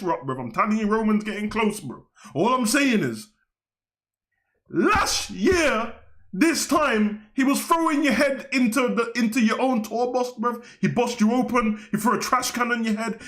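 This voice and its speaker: A man's voice: sits high, fairly bright tone. A young man, hosting a wrestling talk show in a slangy, heated, rambling rant. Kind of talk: ranting casual commentary.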